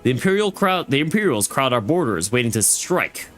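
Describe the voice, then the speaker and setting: A fairly quick, very animated man with a medium-pitched, slightly bright voice reads a stern female fleet admiral's lines from a game, with faint music behind him. The mood is solemn, though he stumbles over names and lines.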